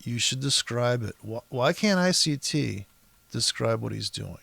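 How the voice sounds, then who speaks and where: A man's voice: medium pitch, lively intonation, a little slow, gravelly, fairly bright tone, dry recording. A man walking through a trading chart in a profane, exasperated, rambling rant. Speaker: trading educator. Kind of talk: profane ranting chart walkthrough.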